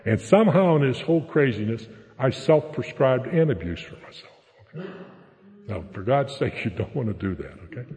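A man's voice: medium pitch, warm tone. Older man from Pittsburgh area, blunt recovery-meeting speaker, keeps asking "okay?"; echoey hall, dull lo-fi. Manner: blunt, plain-spoken, tags lines with "okay?". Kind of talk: personal recovery testimony.

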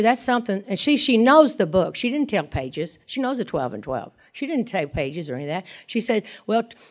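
A middle-aged woman giving a personal talk at a recovery meeting, rambling through her story with many asides and quoted dialogue. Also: mid-range voice.

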